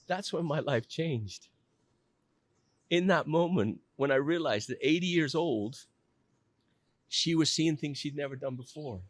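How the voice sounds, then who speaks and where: Earnest storytelling man, slightly high voice. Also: measured pace, pauses often, no room sound. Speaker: guest. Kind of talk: personal storytelling in a podcast interview.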